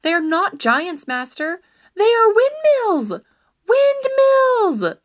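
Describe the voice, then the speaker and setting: A woman's voice: a little high, big pitch swings, measured pace, voice pushed up, full character voice. Woman playing an anxious, pleading peasant squire. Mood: urgent. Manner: pleading, urgent, rising to shouts. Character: simple anxious peasant squire, earthy and practical. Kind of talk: storybook reading.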